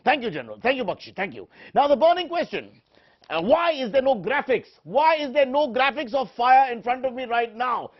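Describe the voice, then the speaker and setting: A man's voice: very high voice, sing-song, brisk, lo-fi sound. Pompous indignant male TV anchor. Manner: pompous, indignant, self-important. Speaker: satirical news anchor. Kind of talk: parody of a shouting TV debate host.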